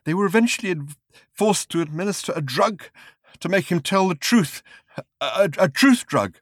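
A man voicing a frail, half-mad old male journalist who whimpers, weeps and breaks into shouts. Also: sits high, expressive, moderate pace, no echo, studio quality, pitched above the performer's own voice. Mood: weeping.

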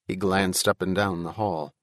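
An audiobook narrator reads a novel from a script in a measured, even storytelling style. His voice sits low, and the clean studio recording has no room sound.

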